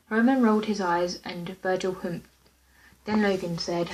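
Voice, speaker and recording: A woman's voice: fairly low pitch, fairly even intonation, normal speed, a little mellow, rough recording. A woman reading her own fan story script aloud in a plain, unpolished way, with small slips and restarts.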